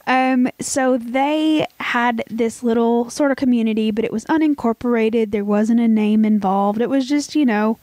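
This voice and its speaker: A woman's voice: fairly high pitch, moderate pace, few pauses, darkish tone, no room sound. A woman in her thirties with a Southern US accent, co-hosting a podcast in casual, rambling chat and laughing easily. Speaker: podcast co-host.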